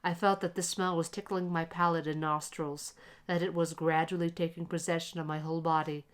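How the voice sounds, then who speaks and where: In a deep voice, a woman reads a classic short story aloud for relaxation, her narration calm, measured, and expressive.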